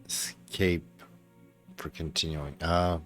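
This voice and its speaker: A man's voice: low voice, flat delivery, slow, faint music behind. A tired man streaming himself playing games, chatting to viewers, often muttering to himself, with bursts of swearing frustration. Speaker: game streamer. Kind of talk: casual live-stream commentary.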